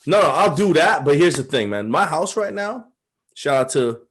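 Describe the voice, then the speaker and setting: A man's voice: fairly high pitch, lively intonation, normal speed, a bit bright, a little hiss or hum. A married man and father co-hosting a podcast, teasing his partner in playful, slang-heavy talk. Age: adult, married father. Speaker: podcast co-host. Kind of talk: casual chat.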